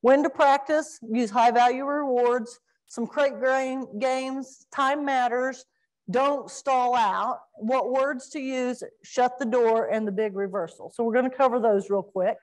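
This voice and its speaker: A middle-aged woman giving an informal talk on training dogs, animated and acting out crying puppies and fussing owners. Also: a little high, measured pace. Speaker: dog training presenter.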